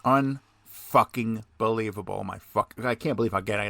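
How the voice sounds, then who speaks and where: A man's voice: lowish voice, normal speed, gravelly, bright, forceful tone, no echo. A man hosting a podcast, swearing heavily in a heated rant and jittery from too much coffee. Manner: profane, heated, swearing constantly. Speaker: podcast host. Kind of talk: ranting podcast monologue, reading documents aloud.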